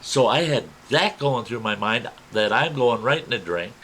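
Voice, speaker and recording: A man telling a personal adventure story in a folksy, animated way, acting out what others said. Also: medium pitch, moderate pace, slight background noise, low-quality recording. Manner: folksy, animated retelling with quoted voices.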